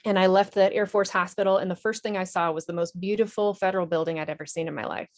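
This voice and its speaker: A woman's voice: mid-range voice, fairly even intonation, fast talker, darkish tone. A woman, an Army veteran and nonprofit director, telling her story in a TV interview in an earnest, candid way with small restarts.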